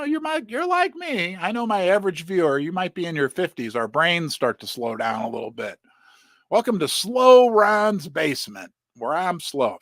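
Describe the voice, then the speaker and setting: Animated, rambling middle-aged man host. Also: sits high, no echo, studio quality. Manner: animated, rambling, talks straight to viewers. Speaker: host of a precious metals channel. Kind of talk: casual livestream commentary.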